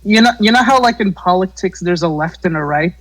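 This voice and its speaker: A man co-hosting a casual tabletop gaming podcast, talking haltingly with many fillers and casual swearing. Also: sits high, lively intonation, fairly bright tone, poor audio. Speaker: podcast co-host. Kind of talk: casual chat among friends.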